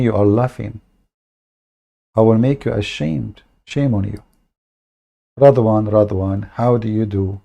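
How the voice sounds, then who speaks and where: A man hosting an online debate livestream, speaking in a mocking, sarcastic way with many halting fillers. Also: on the low side, gravelly, mellow. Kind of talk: livestream commentary.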